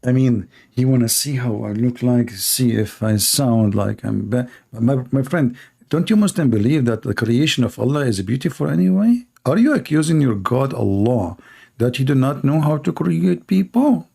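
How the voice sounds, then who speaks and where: A man with an Arabic accent hosts a call-in debate show, his English full of teasing sarcasm and mockery. His voice is gravelly with a dark, mellow tone. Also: mid-range voice, expressive, normal speed. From Middle East. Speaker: host, Christian apologist. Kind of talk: debate show talk with callers.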